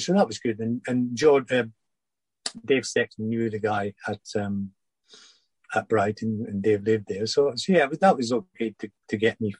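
An older man, a former footballer, telling anecdotes in a relaxed interview with many restarts and fillers. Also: on the low side, husky, no echo, poor audio.

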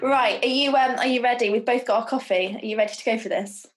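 A woman's voice: on the high side, quick pace, faint music behind. A woman podcast host with a slight lisp, chatting casually and enthusiastically over a video call. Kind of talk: casual interview chat.

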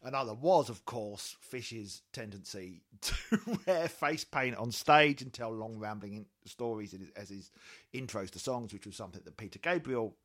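A man's voice: on the low side, normal speed, a bit bright. A man co-hosting a casual chat about music, talking in a chatty, jokey way and reading quotes aloud. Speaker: podcast co-host.

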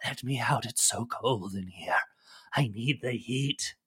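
A man's voice: mid-range voice, a bit bright, breathy edge, dry recording. A man voicing an angry, cold-blooded lizardfolk prisoner who rants and pleads in a tabletop game. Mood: angry pleading. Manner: pleading, ranting, drawn-out.

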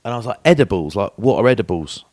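Deep-voiced man in his forties. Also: animated, fast talker, a little mellow, dry recording, studio quality. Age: 40s. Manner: chatty storyteller, acts out quoted voices. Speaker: podcast co-host. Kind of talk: casual chat.

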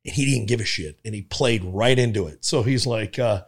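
A middle-aged man, a guest comedian, telling animated stories in a casual podcast chat and laughing through them. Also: on the low side, normal speed, hardly any pauses.

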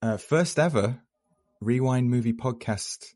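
A man co-hosting a podcast, talking casually and calmly explaining how things work. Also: medium pitch, measured pace. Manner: relaxed, explanatory. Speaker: podcast co-host. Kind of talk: casual chat.

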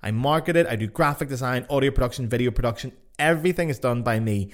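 A young man with a Northern Irish accent, hosting his own podcast in casual, excitable talk that swears freely and jumps about in pitch. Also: fast talker. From Northern Ireland. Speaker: podcast host, flutist. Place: home in Cologne.

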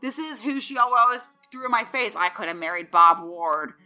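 A woman imitating a wild, boisterous old male wrestling legend who whoops and yells. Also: on the high side, lively intonation, normal speed, soft background music. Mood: rowdy. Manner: whooping, yelling.

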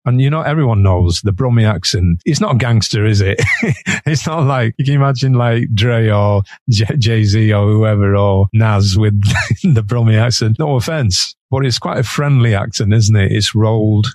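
A man's voice: on the low side, normal speed, darkish tone, dry recording. A man with a Manchester accent, a musician guest telling anecdotes in a chatty way and laughing between sentences. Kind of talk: anecdotal storytelling.

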